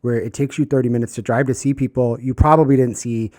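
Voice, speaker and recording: A man co-hosting a podcast, chatting casually and telling animated stories, sometimes mimicking people in a much higher voice. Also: fast talker, no echo, studio quality. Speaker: podcast co-host. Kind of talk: casual chat.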